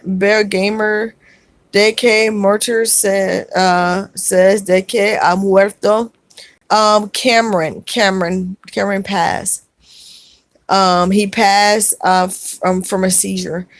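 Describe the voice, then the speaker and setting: Woman on a live stream reading out chat, soft and halting, lots of ums, dry close sound. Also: mid-range voice, steady tone, dry recording. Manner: soft-spoken, halting, many fillers and restarts. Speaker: livestream host. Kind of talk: casual livestream, reading chat comments aloud.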